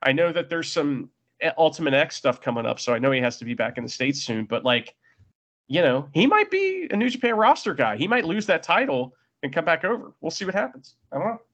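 A chatty man co-hosting a casual podcast. His voice sits fairly high and swings a lot as he recaps matches, slipping into little acted-out asides. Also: sing-song, a little fast, fairly bright tone, muffled recording. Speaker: podcast co-host. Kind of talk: casual wrestling podcast chat.

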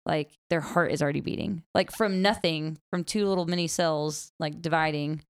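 Gravelly-voiced young mother, chatty. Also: normal speed. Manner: animated, many "like" fillers, acts out quotes in a high voice. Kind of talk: casual chat.

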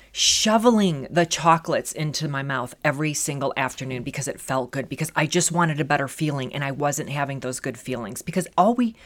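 Earnest low-voiced middle-aged woman. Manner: earnest and reflective, many "you know" fillers. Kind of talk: personal storytelling talk.

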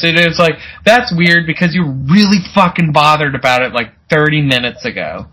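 A man's voice: a little high, expressive, normal speed, pushed and bright, low-quality recording. A man co-hosting a podcast, recapping a movie in casual chat, laughing and acting out characters' lines. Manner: laid-back, laughing, acts out characters in quotes. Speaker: podcast co-host.

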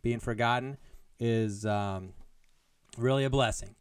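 A man's voice: mid-range voice, measured pace, clear, resonant tone, dry recording. A man hosting his own comedy podcast solo, rambling in a joking, mock-grandiose way. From American Midwest. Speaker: podcast host. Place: Des Moines. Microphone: headphones on, home podcast mic.

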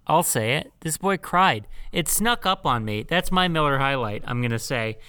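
A man's voice: medium pitch, expressive, normal speed, bright, forceful tone, clean tone, dry recording, studio quality. A man co-hosting a podcast, recapping a film in emphatic, swearing casual chat. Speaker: podcast co-host.

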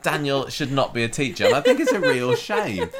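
A woman co-hosting a casual podcast, opinionated and quick with her asides. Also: rumbling low, wildly swooping pitch, a crowd in the background. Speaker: podcast co-host. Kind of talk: casual soap recap chat.

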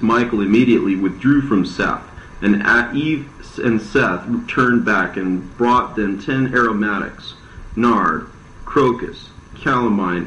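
Man narrator, low voice, steady reading, echoey room. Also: slight background noise. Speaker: reader. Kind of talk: scripted narration. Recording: roomy dull lo-fi recording.

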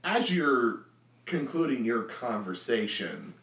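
Animated male game master. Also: medium pitch, takes it slowly, gravelly, echoey room, far from the mic. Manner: playful, animated narration. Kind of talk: narrating a tabletop game.

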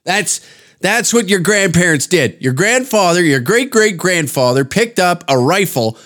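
A man hosting a podcast, his voice sitting a bit high for a man. He rants casually, swearing a lot and mocking as he goes, and his thoughts ramble from one point to the next. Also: animated, unhurried, fairly bright tone. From Canada. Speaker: podcast host.

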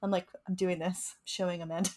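A young woman chats about her research in a loose, casual way, laughing often and restarting her sentences. Her voice sits a little low for a woman. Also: little pitch movement, fairly quick, darkish tone. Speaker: mosquito researcher and co-host. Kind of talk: casual podcast chat.

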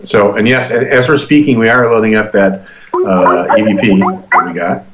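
A man hosting a paranormal radio show live from a hotel, chatting casually and telling stories with quick laughs. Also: on the low side, lo-fi sound, very noisy. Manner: animated storytelling, quick laughs.

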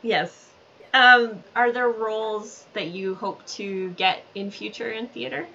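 A woman's voice: a little high, slow, bright, forceful tone. A woman interviewing a guest in a casual chat, asking curious, friendly questions. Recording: dull lo-fi with faint background noise.

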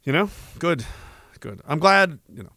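A man playing a smug, sinister male hospital chief doctor who delivers threats calmly, like a sales pitch. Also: a little slow, no room sound, clean studio sound, exaggerated voice. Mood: deadpan menacing. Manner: calm deadpan menace like a sales pitch. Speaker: comedic streamer doing a skit.

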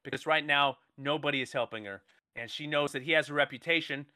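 A man co-hosting a comedy show, pitching an improvised action movie in a rambling, playful way, often restarting his sentences. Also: fast talker, pushed and bright. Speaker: comedy podcast co-host.

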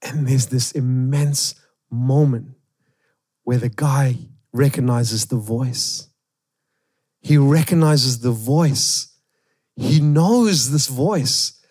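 A man preaching a sermon, retelling a story with animated emphasis. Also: medium pitch, extremely slow, long pauses, breathy edge, no echo, studio quality. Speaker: pastor.

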